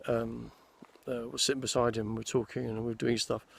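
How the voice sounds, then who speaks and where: Here a sixty-something actor chats casually outdoors in a forest, telling wandering stories about his film work and often starting over. His medium-pitched voice stays level and moves a little fast, with vocal fry and a breathy edge.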